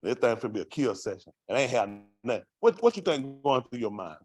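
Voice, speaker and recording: A man's voice: medium pitch, big pitch swings, a little fast, a little mellow, no echo. A man giving a raw, vernacular testimony to a congregation, asking the room rhetorical questions as he tells his story. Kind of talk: street-life testimony to a congregation.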